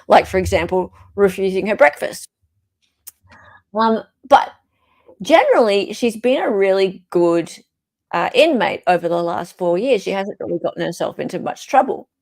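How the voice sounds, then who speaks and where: An Australian woman hosting a casual talk show, her voice carrying a gravelly, creaky texture. She chats loosely, thinking aloud with fillers and restarts as she reads through court documents. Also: mid-range voice, animated, moderate pace, darkish tone. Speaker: podcast host. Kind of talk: casual chat reading court records.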